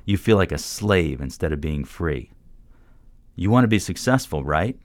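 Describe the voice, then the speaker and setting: A man's voice: sits low, animated, moderate pace, no room sound, clean studio sound. A man voicing an intense older mentor who pushes a younger man with drilling, pressing questions. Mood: pressing, forceful.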